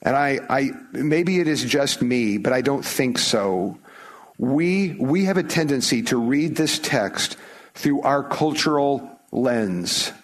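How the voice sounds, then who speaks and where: Middle-aged man from the US, preaching a sermon, chatty and emphatic with frequent restarts, mid pitch. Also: animated, slow. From United States. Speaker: pastor.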